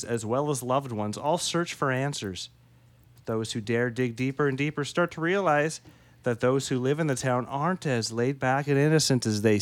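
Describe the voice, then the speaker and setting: A man playing a brash TV exec pitching. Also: dry recording, lightly acted. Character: brash male TV executive pitching a show.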